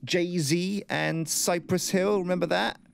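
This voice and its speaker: A man's voice: sits high, steady tone, slow pace, gravelly. A young man bantering with friends during a game, joking and sardonic. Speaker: gamer co-host. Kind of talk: casual chat while gaming.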